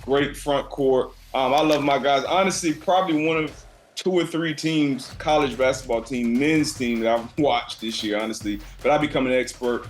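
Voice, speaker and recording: Upbeat joking guy on a sports show, mid pitch, easygoing chat. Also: moderate pace, a little hiss or hum. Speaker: guest, former football player.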